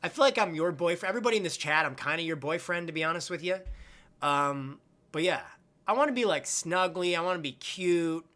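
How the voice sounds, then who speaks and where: Young male streamer, bright edgy voice, rambly crude humor, casual. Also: fairly high pitch, expressive, fairly quick. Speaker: live-stream host. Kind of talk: casual live-stream chat.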